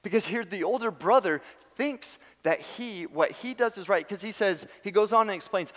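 A man preaching a sermon, telling a story with lively acted-out quotes and laughing asides. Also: high-pitched, normal speed. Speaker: pastor. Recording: long hall reverb.

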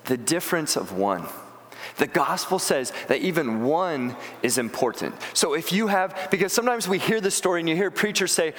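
A man's voice: on the high side, expressive, fairly quick, fairly bright tone, in a large hall. A man preaching a sermon, earnest and plain-spoken, often restarting his words. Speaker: pastor.

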